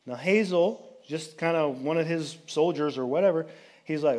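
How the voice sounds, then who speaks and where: A man's voice: on the high side, normal speed, a little mellow. A man giving a sermon as a pastor, retelling a Bible story in a loose, chatty way with jokey asides. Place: church sanctuary.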